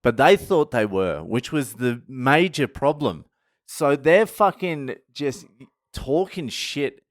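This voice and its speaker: Speaking slowly and expressively in a mid-range voice, a young man from Australia rants to camera with a foul-mouthed, mocking story. He's crude and sweary and cracks himself up; the sound is clean studio audio with no echo.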